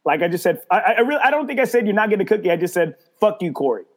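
Rapid-fire and expressive, this man's high voice carries a profanity-laced anecdote on his laid-back podcast. He keeps tripping over himself and starting over, and he mimics others mockingly whenever he quotes them.

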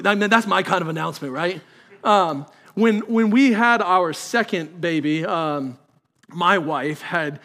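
A man's voice: fairly high pitch, fairly bright tone. A man, a pastor preaching a sermon in a conversational way that builds to emphatic peaks.

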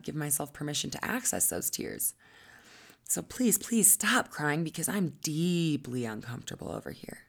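A woman coach with a low, husky voice and a gravelly fry, speaking in a teaching monologue. She explains ideas at length and sometimes slips into soft, breathy asides. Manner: acts out quoted voices, drops to soft asides.

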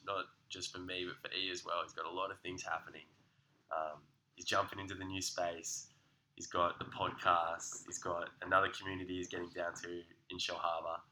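A man with a very bright, forceful voice that sits a little low in pitch. He co-hosts a relaxed podcast and keeps up energetic, sweary motivational banter. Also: rough recording. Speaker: podcast co-host. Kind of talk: casual chat.

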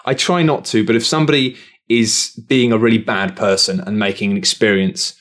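A man, co-hosting a casual chat and telling an animated, sweary story. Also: on the low side, a little fast.

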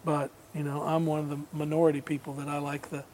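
Chatty man telling a story, fairly high voice. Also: quick pace. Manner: relaxed, rambling, laughs often, mimics voices in anecdotes. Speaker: guest musician. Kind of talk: casual storytelling.

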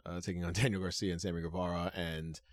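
A man's voice: sits low, level tone, fast talker, no echo, studio quality. A man co-hosting a podcast in casual chat, rambling through his points with many "uh" fillers and some swearing. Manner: rambling, full of "uh" fillers, profane. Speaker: podcast co-host.

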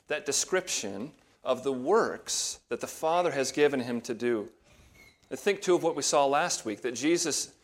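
Man preaching a measured expository sermon. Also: on the high side. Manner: measured teaching tone, stresses key words. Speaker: pastor.

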